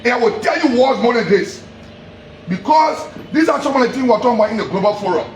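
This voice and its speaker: A man with a Liberian English accent giving a heated, accusatory public address, repeating himself and sometimes shouting. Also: very high voice, expressive, fast. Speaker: politician. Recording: echoey room, faint background noise.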